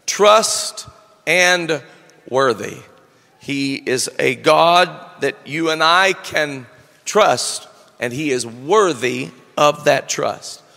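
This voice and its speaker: A man delivers a sermon in a high, bright, forceful voice with a gravelly edge. He speaks slowly and deliberately and rises into shouted declarations. The sound carries a long reverb like a large hall. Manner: slow, deliberate preaching that builds to shouting. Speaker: preacher.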